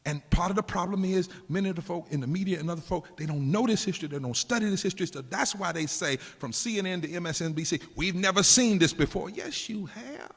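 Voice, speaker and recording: A man, a preacher, giving a political speech in an emphatic preaching cadence that drops low and slow for weight. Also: husky. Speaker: preacher and activist speaker. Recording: long hall reverb.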